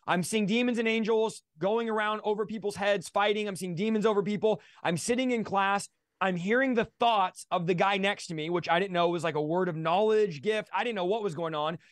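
High-voiced man telling his story with passion. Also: brisk, no echo, studio quality. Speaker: guest. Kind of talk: livestream interview testimony.

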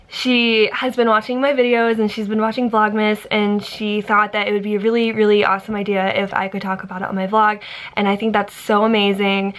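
A young woman in her twenties talking casually to camera in her vlog, emotional and gushing, laughing between thanks. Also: mid-range voice. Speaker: vlogger.

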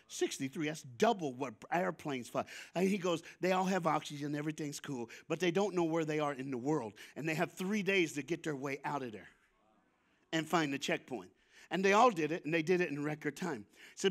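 Lively storytelling preacher man, higher-pitched. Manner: lively storyteller with sudden shifts between loud and soft, chuckling; casual slangy talk. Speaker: guest speaker at a church. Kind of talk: storytelling sermon with call-and-response. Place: church before a congregation.

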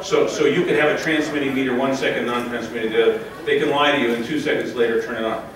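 A man's voice: mid-range voice, fairly even intonation, quick pace. American guy ranting at a forum crowd, far from the mic, big echoey hall. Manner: impassioned, addresses the crowd directly. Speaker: speaker at a public forum. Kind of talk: public talk to an audience. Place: large hall with live audience.

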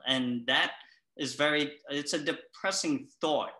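A middle-aged man telling comic stories to a therapist in a rambling, halting way, full of restarts and deadpan asides. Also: fairly high pitch, roomy sound. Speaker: patient in a comedy sketch.

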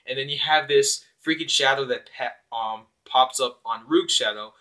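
A man's voice: mid-range voice, bright, forceful tone. A young man casually recapping an anime episode, rambling with fillers and acting out the characters. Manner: rambling with fillers and voiced quotes. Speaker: anime reviewer. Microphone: phone.

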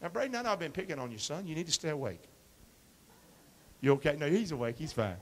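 A man preaching a sermon as pastor, quoting scripture and calling for responses from the congregation, shifting between quiet asides and loud emphatic lines. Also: fairly high pitch, very animated, fast talker, a little hiss or hum. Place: church sanctuary. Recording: long reverb of a hall.

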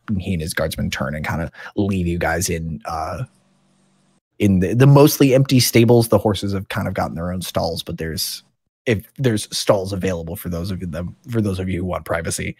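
A man's voice: low voice, moderate pace, slightly rough, no room sound, clean studio sound. A man as game master, narrating a tabletop game in a chatty way with lots of fillers. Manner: chatty, animated, many fillers.

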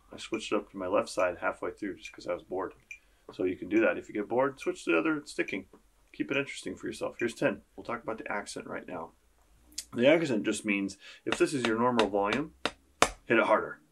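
A man's voice: lowish voice, a bit bright. A man teaching a beginner percussion lesson, counting beats aloud and joking with his students. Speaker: school band teacher.

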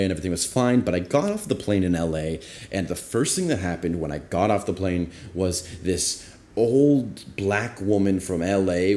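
A man's voice: fairly low pitch, darkish tone. A young man casually telling a rambling, self-deprecating travel story as a vlogger. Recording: roomy echo.

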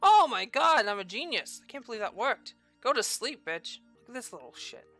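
A woman hosting a let's play, excitable and profane, with loud outbursts. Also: fairly high pitch, brisk, faint music behind. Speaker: gaming video host.

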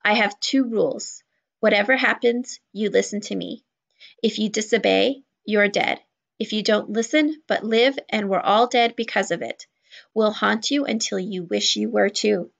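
A woman's voice: mid-range voice, moderate pace, creaky, dull audio. A woman voicing a cold, commanding male smuggler in a storybook read-aloud, giving blunt, threatening orders.

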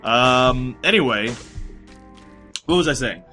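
A chatty man narrates his game in a bright, forceful voice that swings widely in pitch. His throat sounds sore and strained, and he rambles and swears as he plays. Faint music runs underneath. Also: slow pace. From United States. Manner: rambling, excitable, swears often. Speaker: gaming commentator. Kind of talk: casual let's play commentary.

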